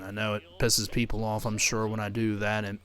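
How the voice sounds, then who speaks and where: A man's voice: on the low side, monotone, brisk, fairly bright tone. A man giving casual play-by-play commentary over his own video game, muttering to himself with mild frustrated outbursts. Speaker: gaming video creator.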